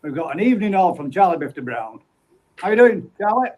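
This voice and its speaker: A man hosts a casual live stream, reading viewer comments aloud one by one and greeting people by name in an easygoing, friendly manner. His voice is fairly high for a man, very animated and brisk, with a crowd in the background and poor audio.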